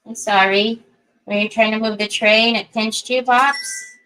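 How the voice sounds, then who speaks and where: Middle-aged woman, slow chatty crafter, bright tone, higher voice. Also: fairly even intonation, slight background noise, low-quality recording. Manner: rambling, chatty storytelling with many asides; soothing baby talk to a small child. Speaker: craft livestream host. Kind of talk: casual chat while crafting.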